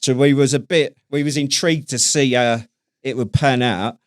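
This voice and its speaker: A man's voice: mid-range voice, fairly even intonation, normal speed, dry recording, studio quality. A man from Britain co-hosting a podcast at a friend's house, chatting casually, rambling and leaning on tag questions. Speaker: podcast co-host. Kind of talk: casual chat.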